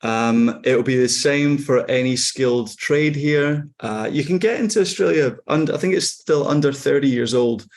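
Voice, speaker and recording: A Scottish actor in his forties, chatting in an interview in a relaxed, wry way with frequent ums and restarts. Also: mid-range voice, normal speed, few pauses. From Scotland. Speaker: actor guest. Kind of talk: casual interview chat.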